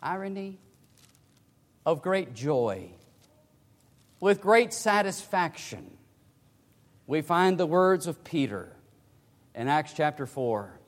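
Man, preacher, sermon, high-pitched, hushed to emphatic cries, long hall reverb. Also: very animated, slow, long pauses.

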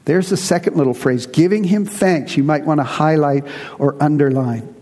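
A pastor preaching a sermon to his congregation, earnest and emphatic, slowing down to stress key words. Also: fairly high pitch, mellow. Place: church. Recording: reverberant hall.

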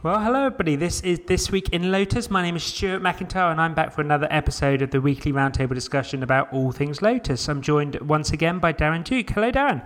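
Male podcast host, slightly higher voice, brisk and upbeat. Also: fairly bright tone, faint music behind. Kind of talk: casual roundtable podcast hosting.

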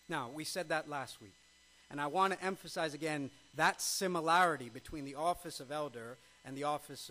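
A man's voice: a little high, a bit bright, poor audio. A male pastor preaching a sermon, emphatic, with frequent rhetorical questions.

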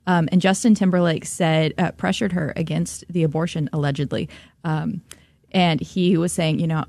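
Low-voiced woman, radio commentator. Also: steady tone, a little fast, gravelly, darkish tone, no room sound. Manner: conversational, with frequent um and uh. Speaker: guest commentator, writer. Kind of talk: talk radio discussion.

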